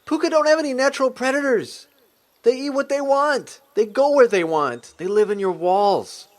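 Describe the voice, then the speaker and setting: A man's voice: very high voice, moderate pace. An actor voicing a laid-back, goofy male digger who rambles and jokes offhandedly. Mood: joking. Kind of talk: cartoon voice acting.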